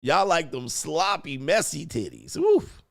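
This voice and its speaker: A man with a gravelly voice pitched somewhat high riffs crudely to his viewers, talking in heavy slang. He keeps acting out what he and others would say, with loud, animated shifts in delivery. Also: unhurried. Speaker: podcast host. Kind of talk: crude comedic riffing to a live chat.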